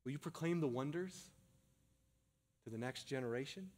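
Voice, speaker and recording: Male pastor, mid-pitched, fervent sermon delivery with rising emphatic appeals. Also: expressive. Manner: impassioned, rising to emphatic repeated calls; slows and softens into a hushed prayer.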